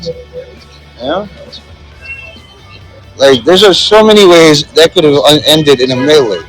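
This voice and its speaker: This street vlogger has a somewhat high, slightly bright voice and talks a bit slowly as he rambles and jokes into a handheld phone on a city plaza. His casual walking commentary is full of fillers, with faint music in the background and low-quality audio.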